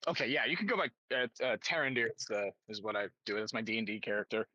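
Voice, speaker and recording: A man's voice: lowish voice, animated, fast, pushed and bright, no room sound, muffled recording. A professional voice actor, a man, introducing himself in a friendly, rambling way with many fillers. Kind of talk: casual self-introduction. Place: outdoors on a street.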